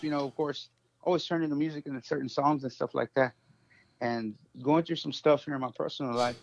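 Halting emotional man on a phone. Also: mid-range voice, vocal fry, no echo. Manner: halting, many fillers, emotional. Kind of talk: heartfelt personal sharing. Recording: dull dry phone audio.

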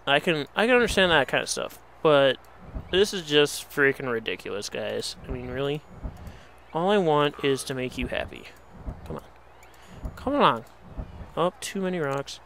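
A man's voice: on the high side, animated, moderate pace, creaky, long pauses, a bit bright, slight background noise. A young man commentating on his game, exasperated and pleading, swearing at the animals as he plays. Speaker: let's play host. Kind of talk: casual gameplay commentary.

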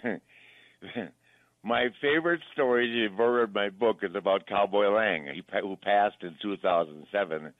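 A man's voice: lowish voice, moderate pace, no room sound, narrow, tinny audio. An older man hosting a podcast, rambling through chuckling anecdotes in casual chat. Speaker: podcast host.

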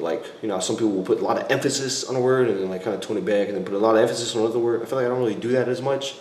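A young man with a fairly low voice talks casually to his viewers, rambling and correcting himself as he goes. The sound is echoey, and a faint hiss sits underneath. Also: a little mellow. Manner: rambling, self-correcting, laughs often. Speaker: YouTuber answering viewer questions. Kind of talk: casual Q&A vlog. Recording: echoey room, faint background noise.

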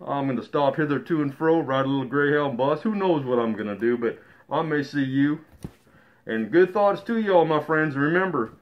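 A man's voice: a little high, animated, normal speed, highs cut off. Folksy man reading a picture book. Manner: folksy, gently joking asides. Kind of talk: storybook read-aloud.

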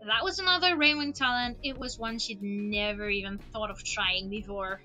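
A woman's voice: mid-range voice, steady tone, moderate pace, bright, forceful tone, faint music behind, poor audio. A woman streamer reading a novel aloud expressively, with laughing asides, into a desk microphone.

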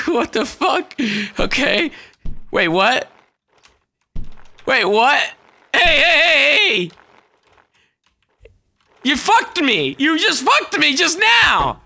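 A man giving let's-play commentary, excitable, yelling, swearing and laughing as he plays. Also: very high voice, extremely slow, creaky, long pauses. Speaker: gaming YouTuber. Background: game music.

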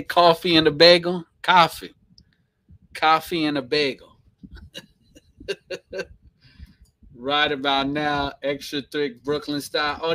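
Fairly high-pitched and fairly bright, this man's thick New York accent comes through as he playfully runs a laid-back live stream. He reads out viewer comments, says things over again, and laughs frequently.

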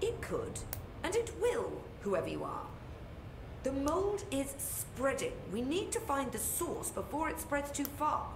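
A curt British scientist. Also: female voice, high-pitched, big pitch swings, a little slow, exaggerated voice. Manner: curt and condescending. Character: brisk haughty British woman scientist. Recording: roomy game audio with clear noise.

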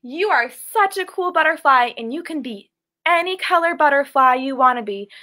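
A woman's voice: high voice, normal speed, rough recording. Bubbly woman leading kids yoga. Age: 20s. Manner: animated, sing-song, playful animal sounds. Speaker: children's yoga instructor. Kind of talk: livestreamed kids yoga class. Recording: faint music behind the voice.

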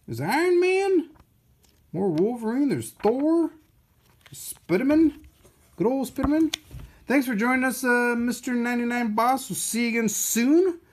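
Excitable man gushing over comics. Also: very high voice, unhurried, pauses often. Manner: excitable and playful, gushing over finds and joking with viewers. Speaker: unboxing video host. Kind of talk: casual live-stream chat while unboxing.

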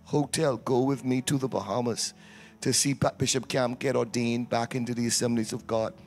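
A man's voice: medium pitch, fairly even intonation, moderate pace, gravelly. A man leading a church service as pastor, with announcements and prayer, teasing the congregation and calling for responses. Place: church sanctuary.

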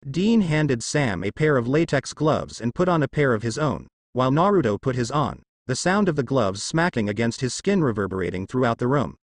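A man narrating a fan fiction story in an expressive reading style. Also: medium pitch, normal speed, few pauses, no room sound, studio quality.

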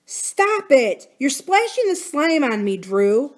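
A woman voicing a bossy young boy who talks loudly and complains in a storybook reading. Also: on the high side, sing-song, normal speed. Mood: irritated. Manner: loud, irritated and bossy.

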